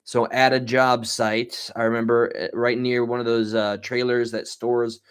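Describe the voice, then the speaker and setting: A man's voice: medium pitch, little pitch movement, measured pace, smooth. A man in his thirties, sleep-deprived, telling rambling casual stories with many restarts. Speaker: vlogger. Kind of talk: casual storytelling monologue.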